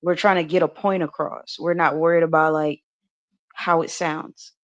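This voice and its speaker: A woman's voice: deep voice, little pitch movement, moderate pace, muffled recording. A woman on a podcast panel talking casually, rambling with many fillers and restarts and laughing often. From United States. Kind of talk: casual livestream discussion.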